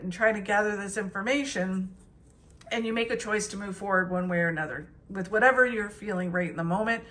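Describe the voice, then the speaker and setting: A woman's voice: medium pitch, a bit bright. A middle-aged woman giving a casual tarot reading, talking in a chatty, encouraging way with many fillers and restarts. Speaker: tarot reader.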